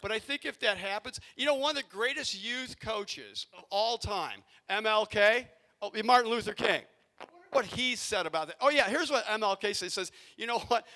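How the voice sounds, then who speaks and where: A man who coaches youth sports, telling a coaching story to a community audience and acting out his own yelling from the sidelines. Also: sits high, moderate pace. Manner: animated, acts out yelling in his stories. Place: arena event space.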